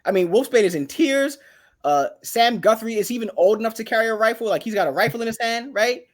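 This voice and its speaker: A young man chatting casually about comic books on a podcast, animated and acting out characters' lines as he tells the story. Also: sits high, fast talker. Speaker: podcast co-host. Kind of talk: casual comic book chat.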